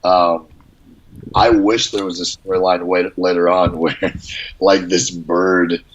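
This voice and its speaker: Man, very low voice, casual storyteller, rambling, full of fillers. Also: level tone, slow, dull audio. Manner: rambling anecdotes with many fillers. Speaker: guest.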